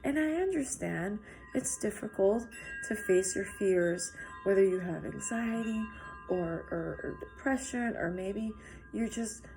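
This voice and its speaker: A woman giving a spiritual tarot reading, talking straight to her viewers in a halting, earnest way with lots of fillers and restarts. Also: mid-range voice, expressive, over music. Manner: earnest and encouraging, addressing viewers directly. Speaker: tarot reader.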